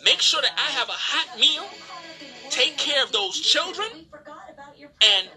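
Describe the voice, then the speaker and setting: A man's voice: extremely high pitch, sing-song, takes it slowly, sharp tone. A man preaching a profane, emphatic livestream sermon to women, scolding and mocking them. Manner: preachy, profane, emphatic, mocks others in quoted voices.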